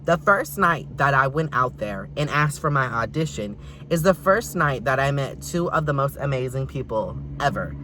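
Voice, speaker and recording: A young man spins a casual storytime with plenty of sass and drama. His pitch leaps and dips all over the place as he acts out every beat. There is a faint hiss of noise underneath his voice. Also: normal speed. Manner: animated, sassy, dramatic delivery with big swings in pitch. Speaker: storyteller vlogger.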